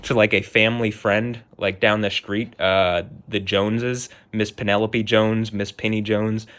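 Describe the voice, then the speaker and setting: A man's voice: lowish voice, little pitch movement, unhurried, fairly bright tone. A man vlogging an agitated, heated rant, shaking with anger and repeating himself. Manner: agitated, heated, repetitive, swearing. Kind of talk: angry personal rant to camera.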